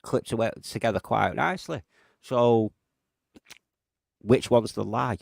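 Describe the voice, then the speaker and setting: A man on a live stream, loud and backslapping, swearing and calling everyone mate. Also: medium pitch, measured pace, creaky, dry recording, studio quality. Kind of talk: casual heated chat.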